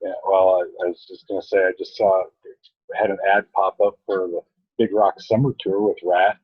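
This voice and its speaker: A man's voice: deep voice, little pitch movement, moderate pace, breathy edge, dry recording. A man talking as a podcast guest in a casual, easygoing chat. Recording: dull lo-fi sound, dry.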